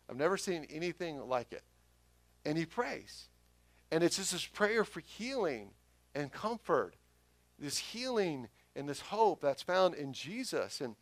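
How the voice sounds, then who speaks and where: Male pastor, sermon, casual preaching with loud peaks, fairly high voice, dry close sound. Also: no echo. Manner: conversational preaching, rises loud for emphasis.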